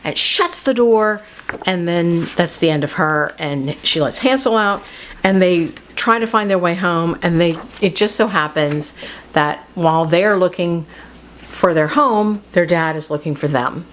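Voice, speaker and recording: A woman's voice: on the low side, measured pace, slight background noise. A woman hosting a casual book talk who chats loosely, often laughs and breaks off mid-sentence. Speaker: host. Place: home studio.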